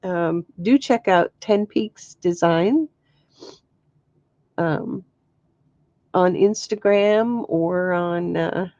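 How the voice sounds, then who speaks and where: A woman's voice: lowish voice, very slow, long pauses, dark tone, no echo, lo-fi sound. A middle-aged woman chatting casually to camera as a crafts vlogger, telling stories with frequent laughs and exclamations. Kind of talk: casual chat.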